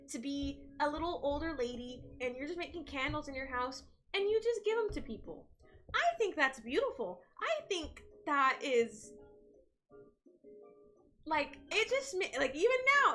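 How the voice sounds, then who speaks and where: Chatty young woman with a high voice. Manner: chatty, animated storytelling. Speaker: streamer. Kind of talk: casual chat with live viewers.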